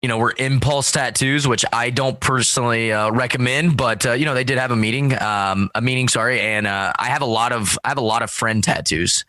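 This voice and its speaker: A man in casual chat, telling a rowdy story full of swearing and quoting other people in loud voices. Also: mid-range voice, a little fast, few pauses, no room sound. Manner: profane, storytelling, acts out quoted voices loudly. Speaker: guest.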